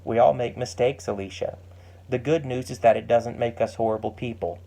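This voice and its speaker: A man's voice: mid-range voice, steady tone, fairly quick, vocal fry, dark tone, low-quality recording. A man reading a patient, wise mother. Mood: gentle. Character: kind, wise mother calmly teaching her grown daughter.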